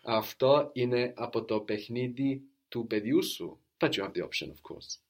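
A man's voice: medium pitch, animated, normal speed. A man teaching a language lesson, patiently prompting a student and repeating model phrases.

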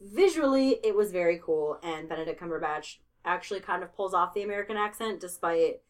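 A woman co-hosting a casual movie podcast, animated and laughing often as she mimics characters. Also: lowish voice, a little fast. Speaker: podcast co-host.

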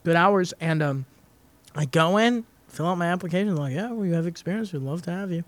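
Lively, laughing young man. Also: sits high, fairly quick. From Texas. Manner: laughs often, acts out others in dialogue. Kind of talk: casual comedic storytelling.

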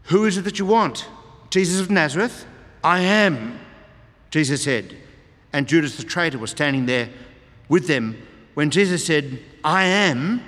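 A man preaching a sermon, reading scripture aloud and explaining it with emphatic repetition. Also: fairly high pitch. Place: church hall. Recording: long hall reverb.

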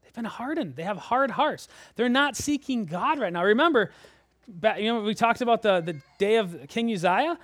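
Man preaching, high voice, animated, loud then hushed, dry close sound. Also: moderate pace, no echo. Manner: animated, swings between loud emphasis and hushed low lines. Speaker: pastor. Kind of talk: sermon.

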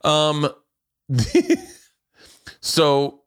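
Swearing, animated podcast host man. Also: lowish voice, a little fast, dry recording, studio quality. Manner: animated, swearing, laughing storyteller. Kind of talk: casual storytelling chat.

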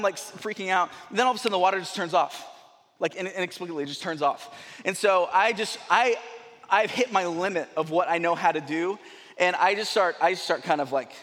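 High-voiced animated young male preacher. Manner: animated, rambling storyteller with many restarts. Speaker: pastor. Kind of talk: sermon storytelling. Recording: long hall reverb.

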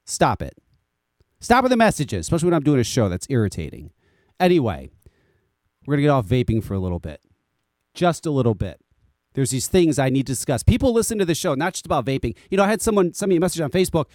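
A man's voice: fairly high pitch, sing-song, fast, darkish tone, no echo, studio quality. An American man hosting a podcast, ranting casually with frequent swearing and repeated words. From United States. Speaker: podcast host.

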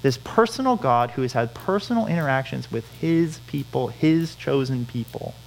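Guy preaching, earnest, says stuff twice to drive it home, mid-pitched voice. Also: animated, normal speed, vocal fry, slight background noise, poor audio. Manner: earnest, repeats phrases for emphasis. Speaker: pastor. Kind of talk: sermon.

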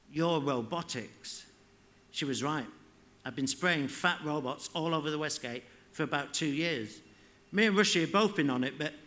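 A man reading his fiction aloud at a live literary event, in a measured, unhurried way. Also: fairly high pitch, bright, forceful tone. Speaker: author reading.

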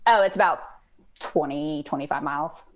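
A woman's voice: low-pitched, normal speed, poor audio. A woman from Georgia, a guest chatting openly on a podcast interview. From Georgia, USA. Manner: chatty, explanatory, with fillers.

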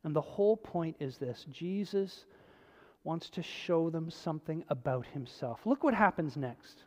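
A pastor preaching a sermon in a conversational way, swinging between emphatic stretches and hushed, low passages. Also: expressive, a little slow. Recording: long hall reverb.

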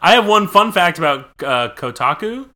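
A man with a bright voice and a lively, swooping pitch joins a casual podcast chat. He jokes and giggles through the banter. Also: moderate pace. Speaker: podcast co-host.

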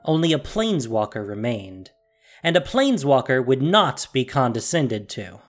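A narrator reading a fantasy story aloud in an expressive, dramatic storytelling manner. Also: mid-range voice, normal speed, soft background music. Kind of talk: scripted audiobook narration.

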